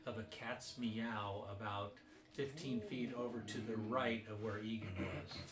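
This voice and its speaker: A man's voice: lowish voice, fairly even intonation, unhurried, music in the background. Flustered male player, echoey room. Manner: flustered, stammering in character excuses. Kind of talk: tabletop game chat.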